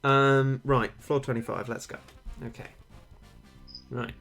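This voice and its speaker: A young man with a British accent chatting casually while streaming a game, rambling and pausing with frequent ums. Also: medium pitch, level tone, a bit bright, faint music behind. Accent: British English. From Britain. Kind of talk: casual gaming stream chat.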